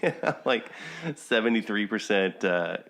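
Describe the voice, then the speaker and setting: A man's voice: fairly low pitch, a little slow, a bit bright. A man, a podcast host, telling family stories in casual chat and laughing at his own jokes.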